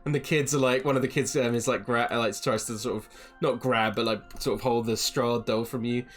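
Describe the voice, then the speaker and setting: A man running a tabletop game as its game master, narrating in loose, rambling sentences padded with fillers. His pitch sits at an ordinary middle level, with faint music playing underneath. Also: steady tone, a little fast, a bit bright. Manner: rambling, filler-heavy, laughing.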